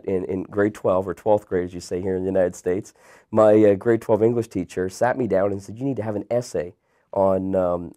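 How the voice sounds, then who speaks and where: A Canadian man in his thirties, a guest entrepreneur telling his story in a relaxed, rambling interview style. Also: fairly low pitch. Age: 30s. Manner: relaxed, rambling with many fillers and restarts.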